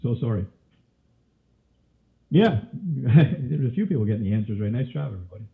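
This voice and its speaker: Male trading instructor, mid pitch, a cough and a scratchy throat, quizzing style, tinny webinar audio. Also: lively intonation, normal speed, gravelly. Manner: quizzes listeners with frequent questions. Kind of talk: live webinar teaching.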